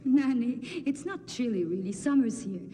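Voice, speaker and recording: A hushed, resolute young princess. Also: female voice, sits high, sing-song, normal speed, slight background noise. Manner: soft, hushed, intense, often near a whisper. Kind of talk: film drama acting.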